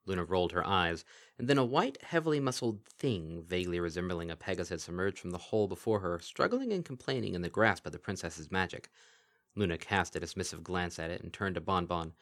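A male storyteller reads a fantasy tale aloud. His delivery is dramatic and expressive, with a lively, rising and falling pitch. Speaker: narrator. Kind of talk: storybook reading, voicing all characters.

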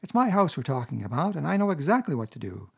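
Man voicing a boastful excitable toad, high raised voice, husky, storybook reading. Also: quick pace, heavily acted. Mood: excited. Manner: boastful, shrill and puffed up.

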